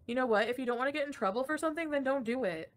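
A young woman hosting a casual livestream, ranting with frequent swearing and laughter while reading chat comments. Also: sits high. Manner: profane, ranting, laughs often. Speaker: livestream host.

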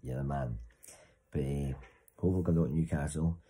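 Bloke, very low and dark voice, loose sweary banter for a vlog. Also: male voice, fairly quick, husky, poor audio. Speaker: vlogger. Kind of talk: casual chat to camera.

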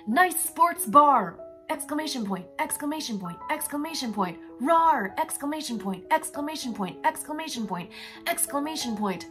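A young woman reading comments aloud for comedy in a smooth, polite voice-assistant impression. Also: sits high, expressive, moderate pace, a bit bright, soft background music. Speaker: YouTube comedian.

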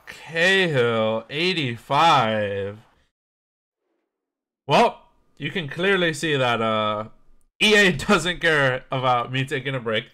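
Bright and forceful, this young man's mid-range voice carries his casual pack-opening commentary for a gaming YouTube channel. He laughs often and jokes at his own expense.

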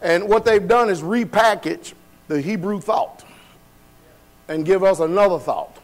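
A man with a high-pitched voice preaches a sermon in a church. He talks in a folksy, everyday way and keeps asking the congregation questions. His delivery is call-and-response. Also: unhurried. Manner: folksy, colloquial. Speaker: pastor. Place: church sanctuary.

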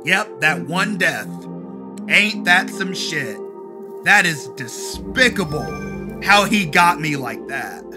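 Excitable high-voiced male gamer. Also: takes it slowly. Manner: excitable, talks to the game, swears. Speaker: gaming streamer. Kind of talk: casual let's play commentary. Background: game music.

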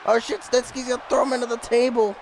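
A man streaming a wrestling video game live, shouting and swearing excitedly at the action while losing his voice. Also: extremely high pitch, fast, noisy background. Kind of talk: excited live gameplay commentary.

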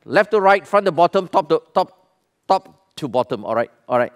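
Here the pastor's voice sits on the high side, expressive and moderately paced, with a Malaysian English accent. His sermon is emphatic and full of questions, and he calls the congregation to respond.

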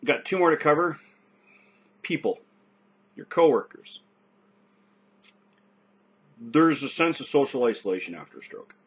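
Husky man giving earnest advice. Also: mid-range voice, big pitch swings, measured pace, pauses often, muffled recording. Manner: earnest, repeats "right?" often. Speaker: stroke survivor giving advice. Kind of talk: casual advice talk.

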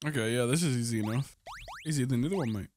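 A man playing a co-op game with friends over voice chat, excitable and exasperated, swearing a lot. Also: medium pitch, racing, a little hiss or hum. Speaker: gamer. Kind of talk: casual gaming banter.

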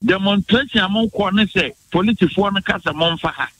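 A man's voice: high-pitched, sharp tone, slight background noise, rough recording. A man from Ghana's Bono region with a Ghanaian accent, a guest on a radio morning show, arguing politics emphatically and mixing in English phrases. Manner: emphatic, rapid-fire, mixes in English phrases. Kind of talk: heated political argument on radio.

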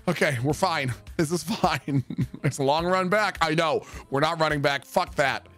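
A man's voice: a little high, unhurried, a bit bright, soft background music. A man streaming a roleplay game, talking to chat in an exasperated way, swearing and laughing at his bad luck.

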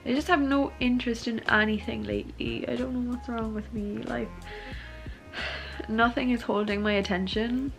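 A woman's voice: fairly high pitch, steady tone, moderate pace, gravelly, fairly bright tone, faint music behind. A young woman in her twenties, chatting casually to the camera in a rambling way, full of "like"s. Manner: rambling, says "like" a lot. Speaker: vlogger.

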